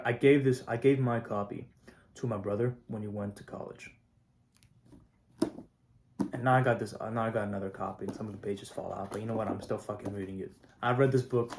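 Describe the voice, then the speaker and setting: A teenage high school student talking casually to camera, swearing often and getting fired up, with lots of filler words. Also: male voice, a little mellow, slight background noise. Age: teens. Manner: profane, hyped, heavy "like" and "not gonna lie". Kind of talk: casual vlog monologue.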